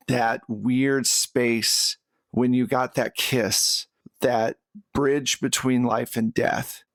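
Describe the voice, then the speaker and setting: A man running a tabletop game, narrating in a measured second-person style. He talks slowly with a creaky, gravelly texture. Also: mid-range voice, no echo. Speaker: game master.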